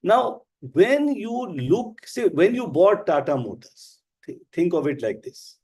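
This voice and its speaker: A man with an Indian English accent teaching a live class, explaining slowly and with emphasis. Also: high-pitched, big pitch swings, darkish tone. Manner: slow, deliberate, emphatic explaining. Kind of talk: live online class lecture.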